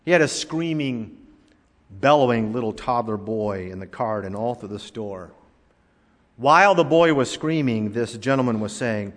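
An older male pastor delivers a sermon in a church sanctuary, mid-pitched and animated. He acts out the voices in his anecdotes. The long reverb of a large hall hangs behind every line.

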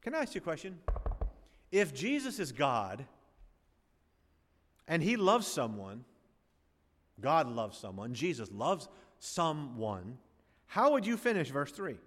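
A man preaching a sermon as pastor, swinging from emphatic rises to hushed, slowed phrases. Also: fairly high pitch, sing-song. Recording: long hall reverb.

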